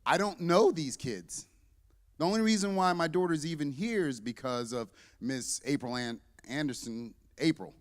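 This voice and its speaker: A man's voice: on the high side, moderate pace, big-room sound. A man in his fifties, a church deacon, giving a humorous testimony to a congregation and acting out the dialogue in his story. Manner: lively, joking storyteller who acts out dialogue. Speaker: church deacon and visiting parent. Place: church sanctuary.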